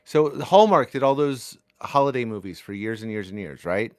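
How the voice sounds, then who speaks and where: A man's voice: medium pitch, expressive, moderate pace, darkish tone, no echo, studio quality. An American man co-hosting a podcast, talking bluntly and sarcastically, with casual swearing. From United States. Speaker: podcast co-host. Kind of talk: casual chat.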